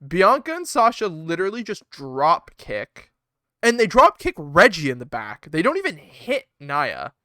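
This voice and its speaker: A man's voice: a little high, measured pace. A man co-hosting a casual podcast, talking animatedly with lots of swearing and laughter. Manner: animated, profane, laughs often, acts out wrestlers' lines. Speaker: podcast co-host.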